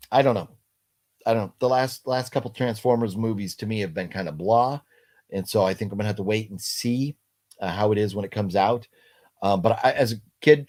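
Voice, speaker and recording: A middle-aged man hosting a casual livestream chat, talking haltingly with many fillers and restarts while he reads out viewer comments. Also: fairly low pitch, a little mellow. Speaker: livestream host.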